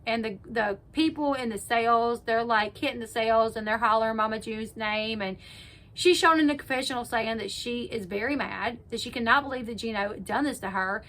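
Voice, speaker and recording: Woman host, casual recap vlogger, a little high voice, bright and lively delivery, loves "like". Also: normal speed. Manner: chatty, peppers speech with "like", acts out quotes. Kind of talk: casual retelling of a reality TV episode.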